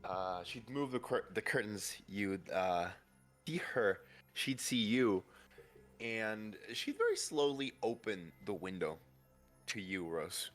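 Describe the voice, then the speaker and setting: A man running a tabletop game as game master, speaking slowly in a low voice that still swings up and down a lot. He stumbles through restarts and fillers. Faint music plays behind him. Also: very animated, a bit bright. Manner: halting, many restarts and fillers.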